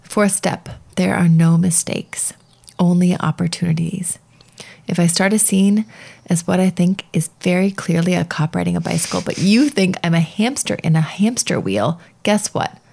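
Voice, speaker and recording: A woman's voice: fairly low pitch, moderate pace, creaky, a little mellow. A woman in her thirties co-hosting a parenting podcast, chatting casually and reading book passages aloud with playful emphasis. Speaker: podcast co-host.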